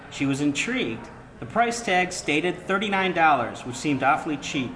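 Co-host: slightly high-voiced man, agreeable short remarks. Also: expressive, normal speed, a bit bright, rough recording. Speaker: podcast co-host and narrator. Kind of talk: casual chat.

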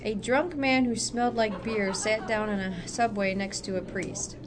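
A woman reading a joke aloud in a slow, deliberate way. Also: mid-range voice, background noise. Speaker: joke reader.

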